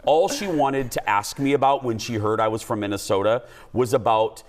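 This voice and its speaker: A man hosting a lively talk show, chatting fast and turning to the audience with asides. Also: mid-range voice. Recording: studio with audience and noise behind.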